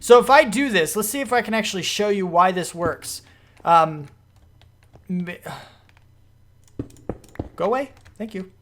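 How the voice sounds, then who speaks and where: A man commenting on his own gameplay as he plays, rambling through explanations and breaking into panicky, excitable outbursts. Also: high voice, a little slow, pauses often. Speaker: gaming video host.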